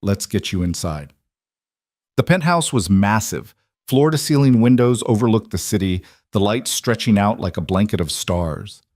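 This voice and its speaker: A man with a low voice reads a romance story aloud in a measured, dramatic way. The sound is dry and close. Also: a little mellow, dry recording. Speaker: narrator. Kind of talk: scripted story narration.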